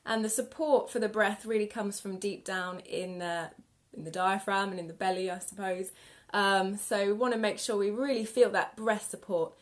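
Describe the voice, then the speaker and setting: A woman singing teacher guiding a live vocal warm-up lesson with gentle, encouraging instructions. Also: medium pitch, steady tone, moderate pace, hardly any pauses, heavy background noise. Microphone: live video stream.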